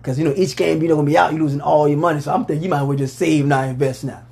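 A man hosting a casual sports talk show, talking in a loose, rambling way and letting out loud whoops. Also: fairly high pitch, fairly even intonation, racing, creaky.

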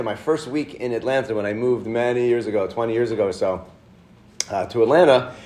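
A middle-aged man, a rabbi, giving an informal Torah lesson to a live class, telling stories in a chatty way and getting lively as he goes. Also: mid-range voice. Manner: chatty storyteller, lively with rising excitement, self-interrupting.

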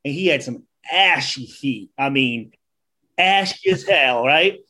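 A man in his forties, a former football player, guesting on a casual podcast and telling animated stories with plenty of "dude.". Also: mid-range voice, slow. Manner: animated storyteller, calls listeners dude.

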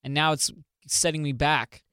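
Higher-voiced young man, casual swearing chat. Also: steady tone, normal speed, sharp tone, clean tone, dry recording, studio quality. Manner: joking, swears freely. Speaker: podcast co-host.

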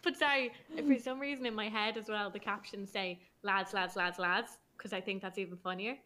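A woman's voice: mid-range voice, fairly even intonation, fast, fairly bright tone. A young Irish woman in her twenties hosting a podcast, chatty and giggly, rambling with many fillers. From Ireland. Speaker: podcast host. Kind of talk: casual chat.

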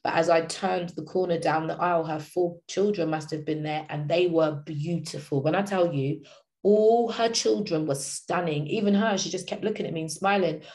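Passionate slangy woman, slightly low voice. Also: moderate pace, darkish tone. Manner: passionate, slangy, repeats phrases for emphasis. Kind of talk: inspirational talk.

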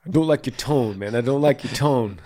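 A man's voice: mid-range voice, brisk, dark tone, a little hiss or hum. Folksy man giving blunt advice. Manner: blunt, folksy, mimics voices when reading back. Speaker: podcast host answering listener email. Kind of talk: casual advice chat.

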